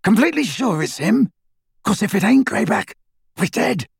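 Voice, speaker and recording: A man voicing a jittery, scrappy male bounty hunter with a strained, raspy whine. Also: high-pitched, animated, normal speed, dry recording, studio quality, voice pushed up, exaggerated voice. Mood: nervous. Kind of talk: audiobook character voice.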